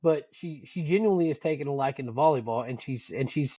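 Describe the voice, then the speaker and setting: A man co-hosting a podcast, telling profane, animated stories in casual sports banter as a dad and coach. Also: medium pitch, fast talker, breathy edge, no room sound, highs cut off. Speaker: podcast co-host.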